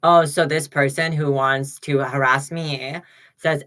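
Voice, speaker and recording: A bright, forceful male-sounding voice delivers a heated, profane livestream rant. The talk is thick with "like" and sharp outbursts, recorded on a webcam mic at home. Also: mid-range voice, steady tone, measured pace. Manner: profane, heated, full of "like" fillers. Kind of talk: ranting livestream monologue.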